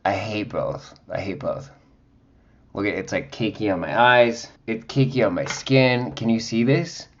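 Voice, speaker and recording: Talking a little slowly in a fairly low voice, a man reviews makeup at home, and the recording is muffled. This casual vlog has him chatty and dramatic, throwing in sassy exclamations.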